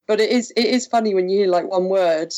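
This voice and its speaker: A woman's voice: medium pitch, fast, darkish tone. A woman co-hosting a casual podcast, recapping a show chattily with frequent fillers and laughs. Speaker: podcast co-host recapping episodes. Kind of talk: casual chat.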